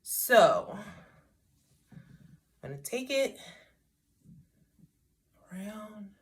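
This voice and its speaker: A woman's voice: medium pitch, sing-song, drawn-out words. A middle-aged woman talking casually through a hair tutorial, rambling with wry asides to herself. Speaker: hair vlogger.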